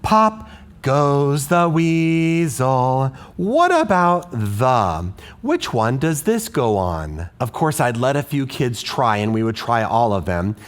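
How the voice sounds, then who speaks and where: Male music teacher, slow steady delivery, patient and questioning, walks listeners through a lesson. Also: mid-range voice. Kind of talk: explaining a classroom lesson.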